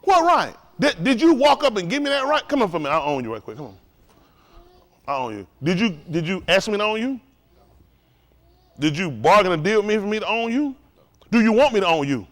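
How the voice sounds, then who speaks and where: A man preaching a fiery lesson, his voice sitting high and leaping around with animated swings. He is profane and provocative, peppering the room with rhetorical questions. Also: a little fast, pauses often. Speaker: teacher of a religious study group.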